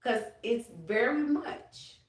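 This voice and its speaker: A woman chatting casually to her viewers during a livestream, animated, and now and then speaking to her late grandfather. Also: fairly high pitch, slow pace, recorded from a distance. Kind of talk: casual live chat. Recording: roomy, off-mic phone audio.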